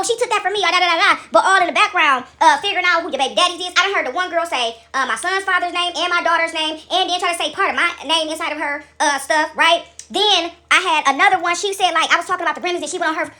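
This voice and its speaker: A woman's voice: extremely high pitch, pushed and bright. A woman vlogger, ranting casually to viewers, emphatic and profane, tagging "right?" onto her sentences.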